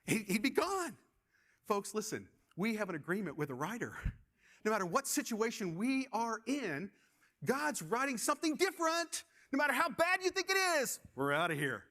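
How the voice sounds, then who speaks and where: A middle-aged pastor with a voice that sits high speaks at a moderate pace. Preaching a sermon, he tells energetic, animated stories and often repeats words as he gets excited.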